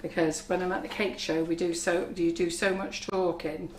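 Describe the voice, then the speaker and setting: Husky woman, lowish voice, chatty cake tutor in a roomy kitchen. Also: level tone, moderate pace. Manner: chatty, reassuring, talks while working. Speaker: cake decorating instructor. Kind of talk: live baking demonstration. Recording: echoey kitchen with faint noise.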